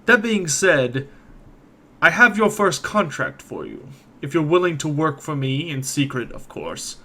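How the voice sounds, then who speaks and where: A man voicing a scheming male city official who speaks in a measured, insinuating way. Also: on the high side, sing-song, sharp tone, full character voice. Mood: sly.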